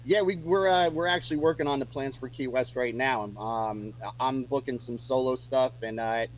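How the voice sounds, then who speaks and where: A man's voice: mid-range voice, moderate pace, a little hiss or hum, low-quality recording. A man chatting casually as a musician guest on a radio show, rambling with lots of fillers and restarts.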